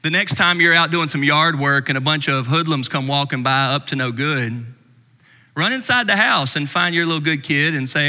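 A man preaching a sermon as pastor, swinging between loud emphasis and hushed asides. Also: on the high side, moderate pace, long reverb tail.

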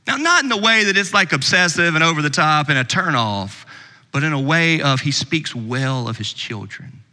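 A man preaching a sermon as pastor, swinging between loud emphasis and hushed asides. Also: a little high, lively intonation, normal speed, in a large hall.

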